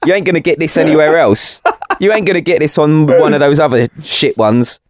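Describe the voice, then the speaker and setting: Sweary animated man. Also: on the high side, a little fast, slight background noise. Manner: sweary, slangy, animated storytelling. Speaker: podcast co-host. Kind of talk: casual chat.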